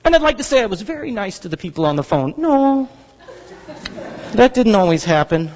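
A man in his thirties preaching a sermon as pastor, telling stories with animated, playful outbursts. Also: high voice, normal speed. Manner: animated storytelling, acts out frustration with loud outbursts. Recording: dull sound with long hall reverb.

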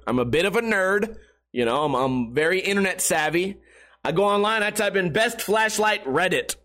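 A man with a high, light voice tells a loose, comic story on his podcast. He swears constantly and mocks himself as he rambles. He sounds a little tipsy. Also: fairly bright tone. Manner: profane, rambling, self-mocking. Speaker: podcast host. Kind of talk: casual comedic storytelling.

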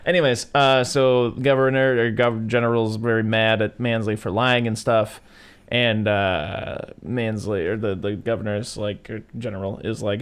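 A man with a fairly low voice talks through a favorite film in a relaxed chat. He gets enthusiastic and jumps into little impressions of the characters as he retells scenes. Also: normal speed, smooth. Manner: enthusiastic, acts out quotes in voices. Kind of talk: casual movie discussion.

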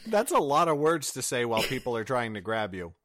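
A man's voice: mid-range voice, sing-song, a little fast, fairly bright tone. A man guesting on a podcast talks in a mid-range voice that swoops up and down, especially when he laughs. His comments are wry, and he often lets out a groan. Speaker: guest author. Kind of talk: casual chat.

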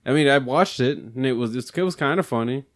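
Chatting casually with friends, a man of medium pitch talks a little fast. He swears often, laughs a lot and slips into mock voices.

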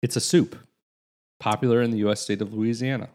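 A man's voice: mid-range voice, steady tone, a little fast, darkish tone. A man around forty co-hosting a casual chat, rambling along and reading facts aloud. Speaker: podcast co-host.

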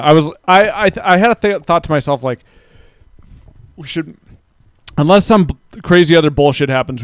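A man's voice: a little high, smooth, dry recording. A man co-hosting a podcast in casual chat, rambling with lots of "like" and laughing often. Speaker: podcast co-host.

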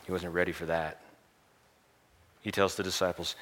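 A man delivering a sermon in a low, forceful voice. He retells a story with animated energy, swinging between quiet asides and loud chanted crowd lines. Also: normal speed, long pauses. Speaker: preacher.

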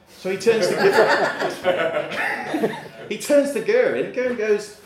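A man's voice: high-pitched, sing-song, moderate pace, roomy sound, background noise. A man telling a comic story on stage in a live venue, laughing at his own jokes. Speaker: comedian. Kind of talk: stand-up storytelling.

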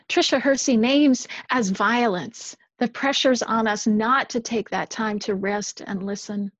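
A woman minister delivers a sermon in a measured, earnest way, her fairly high voice dropping softer on key phrases. The sound is dry and close with no room echo, though a little muffled.

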